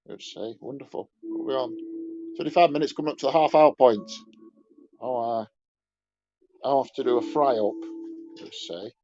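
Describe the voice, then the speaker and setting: A man's voice: mid-range voice, moderate pace, pauses often, warm tone, highs cut off, soft background music, lightly acted. A man voicing a leering old male showbiz entertainer who mumbles, rambles and makes crude asides, ending his lines with "you see". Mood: mumbling. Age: older. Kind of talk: comic character impression on a podcast.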